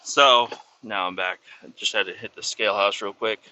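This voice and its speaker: A trucker vlogs while driving in the snow, spinning a rambling tale full of swearing in a casual, irritated manner. His fairly low voice is steady, bright, and forceful, at a normal speed. The audio is poor, with a little hiss or hum.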